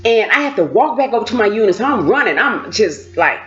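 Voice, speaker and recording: A woman telling a personal story in a casual, expressive way, acting out the voices of the people in it. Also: medium pitch, brisk. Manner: animated, expressive, acts out voices. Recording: dull lo-fi recording.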